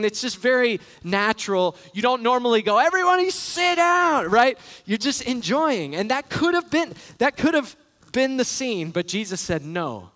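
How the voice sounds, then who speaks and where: A man's voice: sits high, a bit bright. A man preaching a sermon as a pastor, earnest and emphatic, repeating key phrases. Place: large church sanctuary. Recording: echoey church hall.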